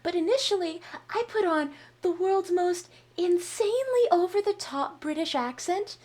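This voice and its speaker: Very high-voiced woman co-host. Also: lively intonation, normal speed, a little mellow. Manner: laughs often, self-mocking. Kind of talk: casual chat.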